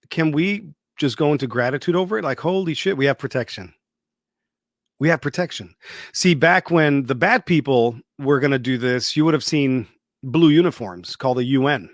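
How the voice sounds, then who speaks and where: Speaking a little high, this male online show host rants through an unscripted livestream monologue, hammering his points repeatedly and cursing without restraint. He mimics and ridicules people with fake voices, and the sound is dry and clean, like a studio.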